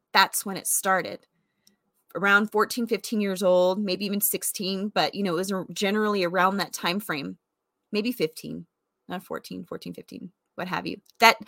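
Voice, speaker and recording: A woman's voice: mid-range voice, bright, forceful tone, no room sound. Earnest woman in her forties, dry sound. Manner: earnest, conversational, filler-heavy. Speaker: vlogger sharing faith testimony. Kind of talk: reflective personal testimony.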